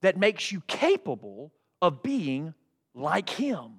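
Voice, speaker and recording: A man preaching a sermon, folksy and animated, jumping from loud high exclamations to low quiet asides. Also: slow. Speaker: pastor.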